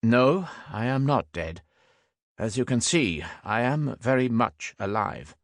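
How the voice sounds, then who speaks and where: A man voicing a wary, knowing middle-aged Frenchman who speaks slow, deliberate English with a French accent. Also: mid-range voice, very animated, no echo, clean studio sound, pitched above the performer's own voice.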